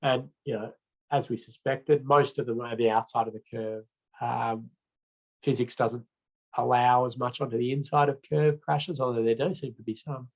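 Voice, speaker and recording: A man's voice: medium pitch, level tone, moderate pace, darkish tone, low-quality recording. Chatty Australian man giving a lecture. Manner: casual, chatty, with frequent fillers and restarts. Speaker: road safety trainer. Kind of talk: recorded training lecture.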